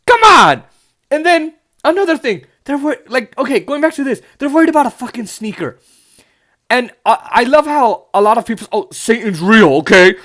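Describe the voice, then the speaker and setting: A man's voice: very high-pitched, very animated, normal speed, a bit bright. A young man hosting a podcast, ranting in an exasperated, sarcastic way and swearing often. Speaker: podcast host. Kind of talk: ranting political commentary.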